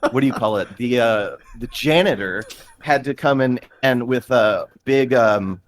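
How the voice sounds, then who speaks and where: A man telling a story on a casual podcast, stumbling over his words with frequent ums, uhs and restarts. His voice sits in an ordinary middle pitch, and he talks in a loose, chatty way. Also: unhurried. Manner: rambling, many fillers and restarts. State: shivering in a cooling bath. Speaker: podcast co-host.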